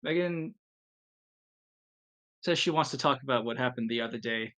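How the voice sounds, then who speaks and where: A man's voice: medium pitch, moderate pace, a bit bright. A man narrating as game master, often restarting his sentences in a reassuring way.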